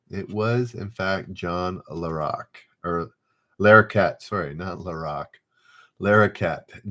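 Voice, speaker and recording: Man, trivia host, low voice, unhurried delivery, reads questions then chats. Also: a bit bright. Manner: reads questions aloud, then chats loosely while waiting for answers. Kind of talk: live-stream trivia hosting.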